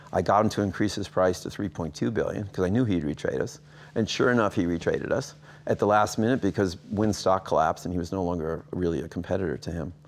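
A man in his sixties with a low voice tells stories in a sit-down interview. He acts out the quoted dialogue, and his voice leaps upward on the exclamations. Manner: animated anecdotes, acting out quoted dialogue with big jumps in pitch. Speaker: interview guest.

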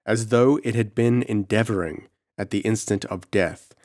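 A man narrating a horror story in a measured, dramatic audiobook reading. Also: fairly low pitch, no echo, clean studio sound. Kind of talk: scripted narration.

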